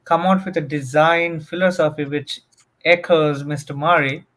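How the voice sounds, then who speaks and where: A man's voice: a little high, steady tone, moderate pace, a bit bright. A man talking casually as a guest in a group chat, hesitant and joking, with many fillers. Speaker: guest panelist.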